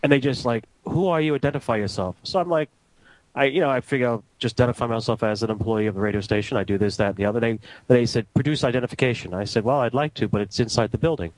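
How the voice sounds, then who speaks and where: A man telling stories from his years as a radio transmitter engineer. He is casual and animated and acts out each exchange in the story. His voice sits at an ordinary middle pitch and sounds dry and close to the mic. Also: quick pace, no room sound, poor audio. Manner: animated anecdote teller, acting out dialogue.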